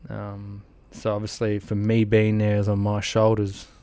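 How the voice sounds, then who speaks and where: A man's voice: on the low side, a little slow, clear, resonant tone. A man with an Australian accent, an army veteran in his thirties telling war stories in an interview, acting out sounds and quotes. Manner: animated, acts out sounds and quotes, laughs through the telling. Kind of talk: interview storytelling.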